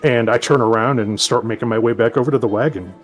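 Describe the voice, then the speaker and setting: A man's voice: mid-range voice, quick pace, faint music behind. A man playing a tabletop game in a boisterous, swearing manner. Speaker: player. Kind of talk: tabletop role-play chat.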